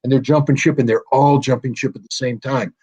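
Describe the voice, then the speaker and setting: A man's voice: mid-range voice, fairly even intonation, fairly quick, a little mellow, slightly rough. A middle-aged American man, a guest in a political commentary interview, talking emphatically and with sardonic jabs. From United States. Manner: emphatic and sardonic, mocking quoted officials. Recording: dull lo-fi audio.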